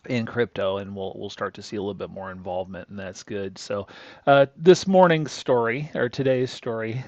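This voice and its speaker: Gravelly-voiced man telling a story. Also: on the low side, normal speed, no room sound, muffled recording. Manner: rambling, folksy, chuckling asides. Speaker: crypto analysis channel host. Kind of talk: casual storytelling monologue.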